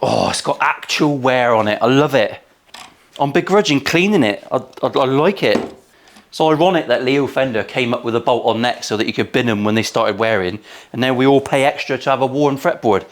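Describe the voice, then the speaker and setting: A man's voice: medium pitch, brisk. Forties man, luthier, casual workshop chat, cheeky and crude, swears freely. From England. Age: 40s. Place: guitar workshop.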